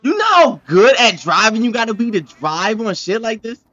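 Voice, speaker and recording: A man hosting a reaction video, with excitable, exclamatory commentary full of profane slang. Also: high-pitched, moderate pace, dull audio.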